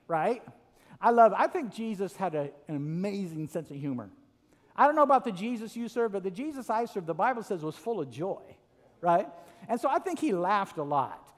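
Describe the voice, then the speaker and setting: Animated high-voiced male preacher. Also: long reverb tail. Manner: animated storytelling with many restarts and "right?" asides. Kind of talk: sermon.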